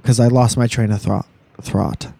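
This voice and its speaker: A man's voice: mid-range voice, fairly even intonation, normal speed, gravelly, mellow, husky, no room sound. A young man co-hosting a casual podcast, rambling and joking with crude, profane humor. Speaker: podcast co-host.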